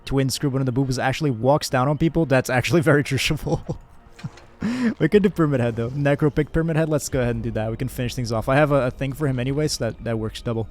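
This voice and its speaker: A man's voice: mid-range voice, fast talker, a little mellow. A young man from Brazil streaming a game, chatting casually with viewers, thanking them by name and rambling with fillers and laughs.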